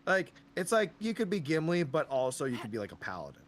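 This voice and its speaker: A man chatting casually as a guest on a game stream, relaxed and joking. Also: on the high side, quick pace, slight background noise. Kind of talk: casual chat while gaming.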